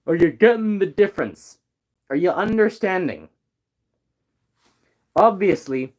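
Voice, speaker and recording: A man's voice: high-pitched, expressive, unhurried, long pauses, a little mellow. A young man in casual chat with friends, teasing them in a mock-teacherly way.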